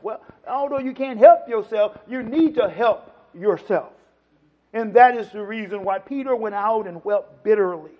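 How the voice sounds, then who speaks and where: Man, preacher, sermon, very high voice, loud-to-hushed swings, dull lo-fi sound. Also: normal speed. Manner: dramatic swings from loud to hushed, acts out quotes.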